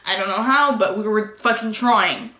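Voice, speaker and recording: A woman's voice: medium pitch, moderate pace, sharp tone. A woman vlogger telling a casual story, swearing constantly and switching into Spanish. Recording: echoey room.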